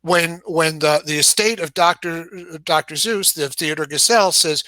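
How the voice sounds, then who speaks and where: A man's voice: on the high side, lively intonation, a little slow, few pauses, sharp tone, dry recording. A man with a New York accent, talking through his views in a casual discussion, often restarting and repeating words as he thinks. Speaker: game publisher guest.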